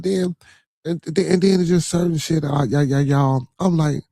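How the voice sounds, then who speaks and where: A man's voice: a little high, measured pace, mellow, dry recording. A middle-aged man with a Chicago accent hosting a livestream podcast, talking loosely and profanely and tagging nearly every thought with a question to the listener. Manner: loose and profane, constant "you feel me". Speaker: podcast host. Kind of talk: casual livestream monologue.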